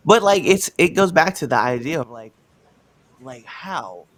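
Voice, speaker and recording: A man hosting a live podcast, ranting in a casual, animated way with slangy asides. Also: on the high side, a little slow. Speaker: podcast host.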